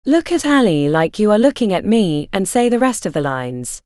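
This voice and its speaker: A brusque, impatient male film director snaps his orders, voiced by a woman narrator. He sounds demanding and short on patience. The read is dry and close, with a lively rise and fall. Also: mid-range voice, normal speed, no room sound, natural voice.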